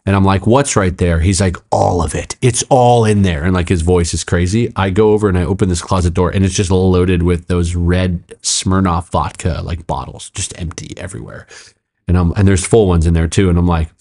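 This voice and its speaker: A low-pitched man recounting a story in relaxed podcast conversation. He talks animatedly, slips into quoted voices and laughs along the way. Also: a little fast. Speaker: pastor, podcast guest.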